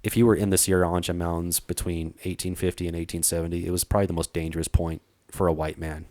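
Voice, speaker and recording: A man from Arizona, a treasure hunter guest, telling a story in a casual, animated way and acting out what people said. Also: sits low, fast, no room sound. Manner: animated, acts out quoted dialogue, frequent fillers.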